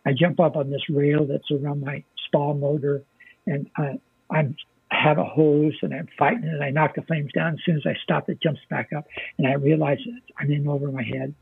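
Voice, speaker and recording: Gravelly older man telling a story. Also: a little high, little pitch movement, normal speed, no echo. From United States. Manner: plainspoken, vivid storyteller who swears freely. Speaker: guest, military veteran. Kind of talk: casual interview storytelling. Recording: dry, phone-like narrow sound.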